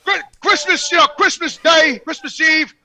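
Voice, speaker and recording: A man's voice: very high-pitched, moderate pace. An older man telling long, rambling, profane stories in casual podcast chat. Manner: loud, profane, rambling anecdotes. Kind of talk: casual storytelling.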